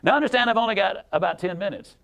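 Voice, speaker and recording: High-pitched, folksy motivational speaker man. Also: quick pace, creaky, fairly bright tone, dull audio. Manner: folksy, emphatic, repeats for effect. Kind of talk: motivational speech with storytelling.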